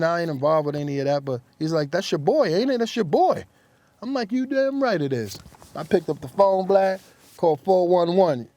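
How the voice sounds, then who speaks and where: Animated New man telling stories. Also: fairly high pitch, no room sound. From New York. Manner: acts out quotes in lively voices. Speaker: rapper, interview guest. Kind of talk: animated storytelling.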